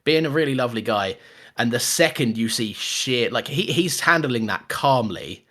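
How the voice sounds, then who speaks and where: A man's voice: mid-range voice, normal speed. A man co-hosting a podcast, chatting casually about a film with lots of restarts and laughter. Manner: animated, laughs often, many restarts. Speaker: podcast co-host. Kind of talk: casual film review chat.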